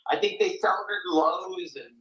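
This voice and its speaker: A man's voice: high voice, normal speed, fairly bright tone, echoey room, lo-fi sound. An older man hosting a live stock market talk show, blunt, folksy and rambling.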